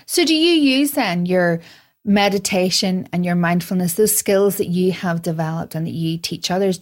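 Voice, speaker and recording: A woman with a mid-range voice interviews her guest. She asks long, layered questions in a relaxed, conversational manner. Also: mid-range voice.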